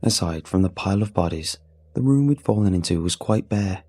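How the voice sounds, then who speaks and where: A man narrating a first-person horror story in a steady, measured way. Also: low voice, husky.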